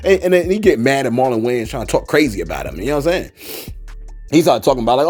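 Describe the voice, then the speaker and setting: A man's voice: mid-range voice, sing-song, fast talker, a little mellow, soft background music. A man casually commenting on celebrity gossip, digressing into preachy asides and mock-quoting people. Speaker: commentary host.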